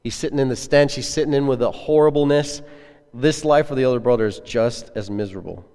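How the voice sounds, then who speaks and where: A man's voice: mid-range voice, brisk, a little mellow, clean tone. A man preaching a sermon as a pastor, earnest and conversational, putting questions to his listeners. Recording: echoey hall with long reverb.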